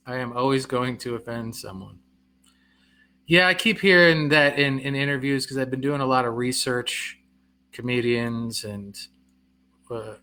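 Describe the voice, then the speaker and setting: A middle-aged man who's a comedian reads out viewer comments during a casual live stream, answers them and laughs at himself. His manner is self-deprecating, and he laughs easily. He has a mid-range voice that sounds pushed and bright.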